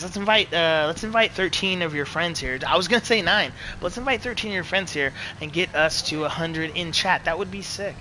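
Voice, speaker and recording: A young man streaming a racing game, chatting casually to his viewers with profane, excitable banter and frequent laughs. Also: a little high, slight background noise. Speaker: gaming streamer. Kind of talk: casual live commentary while playing.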